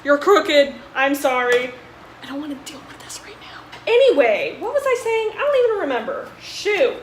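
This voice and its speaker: Her voice is high and very animated, delivered at a moderate pace with slight background noise. She's a young college student filming a relaxed cooking vlog, talkative, quick to put herself down, and often exasperated at things going wrong. Dishes clatter in the echoey room.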